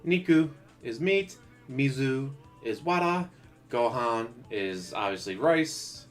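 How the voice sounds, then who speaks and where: A man's voice: mid-range voice, lively intonation, slow, faint music behind. A man giving sarcastic, joking live-stream commentary from a home setup and laughing at his own jokes. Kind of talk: casual livestream commentary. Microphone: desktop USB microphone.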